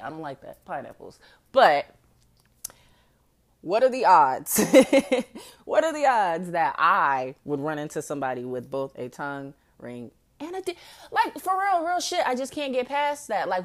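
Woman, 40s, podcast host; lively, profane comic storyteller. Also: lowish voice. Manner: profane, brash and animated; laughs often mid-sentence. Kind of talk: comedic storytelling.

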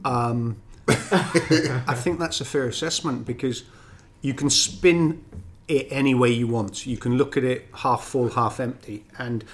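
Welsh guy, ex-footballer, thinking things through calmly on a podcast. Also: medium pitch, slight background noise. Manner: measured, reflective. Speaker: former footballer, guest. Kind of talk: casual football punditry.

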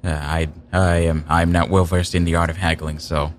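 A man co-hosting a radio show, giving short, low-key replies in casual studio chat. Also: level tone, normal speed, slight background noise. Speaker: radio co-host.

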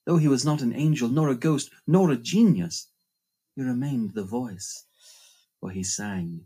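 A woman's voice: very deep voice, a little slow, dark tone, slightly rough, exaggerated voice. A man voicing a young woman in an audiobook, speaking of her captor with earnest, rising passion. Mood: wistful. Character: young woman, frightened yet devoted. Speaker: audiobook character voice.

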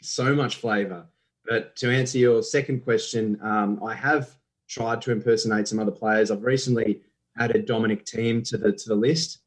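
With a lowish, steady voice at normal speed, a young Australian guest impressionist swaps stories on a podcast, chatty and quick to laugh. The recording sounds rough.

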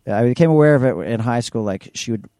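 Mellow-voiced man ranting on a podcast. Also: fast talker, dry recording. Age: middle-aged. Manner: animated, mimics others in high voices. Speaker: podcast co-host. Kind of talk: casual ranting chat.

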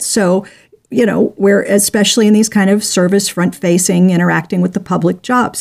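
A woman's voice: mid-range voice, creaky, darkish tone. A woman guest in a conversation, explaining her views in a matter-of-fact way. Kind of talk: casual conversation.

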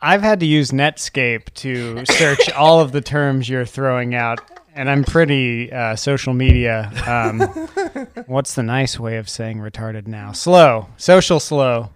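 Deadpan man cracking dry jokes. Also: mid-range voice, takes it slowly, smooth, dry recording. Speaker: podcast co-host. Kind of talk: casual chat.

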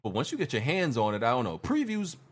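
A man's voice: medium pitch, huge pitch swings, fast talker. A man co-hosting a casual gaming podcast, talking in a laid-back way with lots of fillers. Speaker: podcast co-host.

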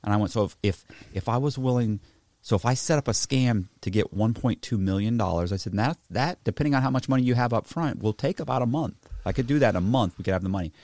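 A man telling a story in casual chat, profane and animated, acting out both sides of a conversation. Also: medium pitch, quick pace, no room sound. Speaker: podcast host telling a story.

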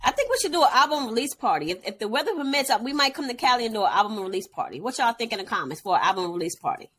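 Female podcast co-host, bright high voice, animated and quick to laugh. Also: slightly rough. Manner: playful, animated, laughs easily. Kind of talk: casual chat.

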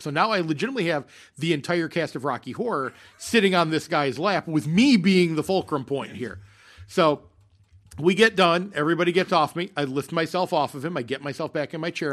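A man's voice: a little high, a bit bright. A man telling a long theater story in casual podcast chat, rambling with many fillers and restarts. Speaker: podcast co-host.

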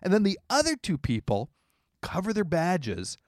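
Animated man telling a story. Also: sits high, moderate pace, no room sound, studio quality. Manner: animated, acts out quoted voices, laughs often. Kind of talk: casual storytelling chat.

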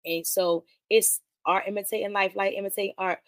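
A woman hosting a podcast, casually retelling and reviewing a film in animated, slangy speech full of profanity. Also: mid-range voice, brisk, no echo. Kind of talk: casual movie commentary.

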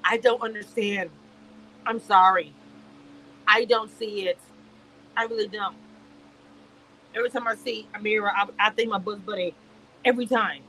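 A woman's voice: mid-range voice, steady tone, normal speed, pauses often, bright, forceful tone, a little hiss or hum, poor audio. A woman reviewing a reality show on a live stream, speaking in a heated, emphatic way and repeating herself. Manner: emphatic and repetitive, heated and exasperated. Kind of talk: casual live-stream commentary rant.

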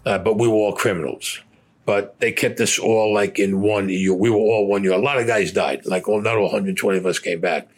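An older man, a veteran, recounting war memories in a blunt, profane, plainspoken way with a husky voice. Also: lowish voice, fairly even intonation, brisk. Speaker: veteran interviewee.

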